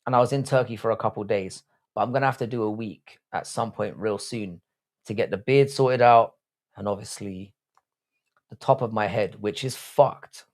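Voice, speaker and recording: In a lowish voice at a moderate pace, a young English livestream host reads out chat messages and engages in crude, blunt, rambling banter with lots of restarts.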